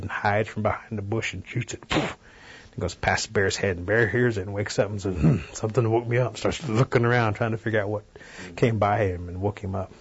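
A man telling a traditional folk tale in a relaxed, animated way, in a dull radio recording. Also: fairly low pitch, breathy edge. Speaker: storyteller guest. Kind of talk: oral folk-tale storytelling.

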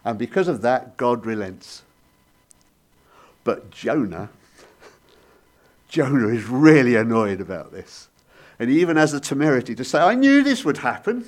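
A man preaching a sermon, telling stories with sudden rises and soft, hushed drops. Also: mid-range voice, animated, a little slow, pauses often.

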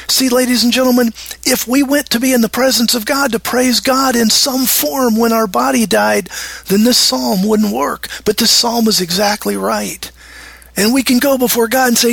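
A man's voice: high-pitched, fairly even intonation, normal speed, creaky, fairly bright tone, breathy edge, dry recording. A middle-aged man teaching from the Bible in a sermon, emphatic, acting out prayers in a raised, pleading voice.

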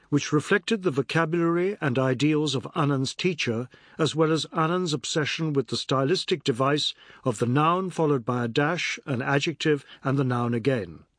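A man reading a novel aloud as narrator, in a measured, even storytelling manner. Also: on the high side, no room sound, clean studio sound. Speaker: audiobook narrator. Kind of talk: scripted narration.

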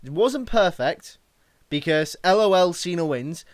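A man with a high, bouncing voice argues and mocks his co-host in a casual chat. He swears freely and keeps pushing his point. The sound is dry and close. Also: lively intonation, measured pace, no echo. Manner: argumentative, mocking, swears freely. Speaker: wrestling podcast co-host.

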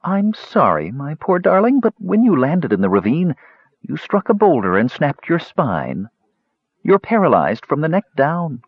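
A man's voice: medium pitch, wildly swooping pitch, moderate pace, few pauses, slightly rough, no room sound. A man voicing a frail old witch woman who dotes tenderly and gushes, in a slightly muffled recording. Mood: doting. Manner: tender, gushing.

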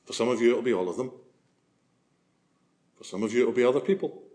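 A man's voice: medium pitch, fast talker, a little mellow. A man preaching a sermon as a priest, earnest and swelling to emphasis on key phrases.

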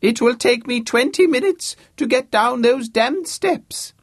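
A man's voice: very high-pitched, lively intonation, unhurried, dry recording, studio quality, pitched above the performer's own voice, heavily acted. A man voicing a very old, deaf, blustering academic who bellows his lines pompously. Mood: bellowing. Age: older. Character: old deaf blustering male Vice-Chancellor impostor.

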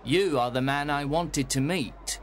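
A man's voice: fairly high pitch, unhurried, voice pushed up, lightly acted. A man voicing a frightened, nervous little man who asks anxious questions, in a storybook reading.

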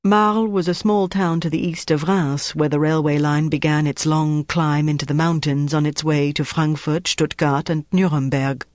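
Steady audiobook narrator, dry close sound. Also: medium pitch, moderate pace, few pauses, dry recording. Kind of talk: scripted narration.

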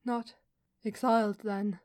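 Brief: woman reader voicing a delirious male alien officer, hoarse, slurred, slow. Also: on the high side, fairly even intonation, dry recording, studio quality. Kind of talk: fan fiction reading.

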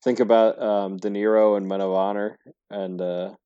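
A man's voice: lowish voice, little pitch movement, normal speed, smooth. A man co-hosting a podcast in casual chat, talking emphatically and giving strong opinions. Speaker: podcast co-host. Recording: dull lo-fi sound.

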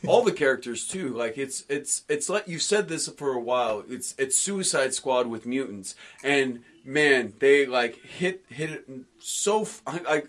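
A man co-hosting a casual comic book podcast, excitable and rambling, full of restarts and fillers. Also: medium pitch, measured pace, few pauses. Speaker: podcast co-host.

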